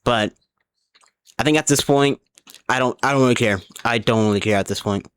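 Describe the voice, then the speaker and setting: A man's voice: medium pitch, brisk, fairly bright tone, smooth, no room sound. A man streaming a game live, rambling along as he plays, often restarting his sentences and swearing, and a little drunk. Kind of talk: casual live gaming commentary.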